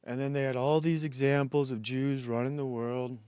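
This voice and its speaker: A man's voice: medium pitch, level tone, moderate pace, a little mellow, clean tone, dry recording. Mocking, rambling male streamer. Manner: rambling, mocking, laughs at his own jokes. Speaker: streamer host. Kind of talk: casual comedic monologue reacting to videos.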